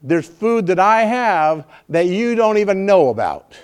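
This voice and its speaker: A man doing a calm, patient teacher voice. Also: clear, resonant tone. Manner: low, gentle, measured.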